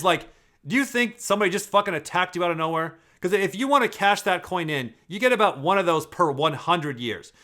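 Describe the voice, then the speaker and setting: A man giving casual, profane, rambling commentary, breaking down clips to analyze personality type. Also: high-pitched. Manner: profane, rambling, animated with restarts.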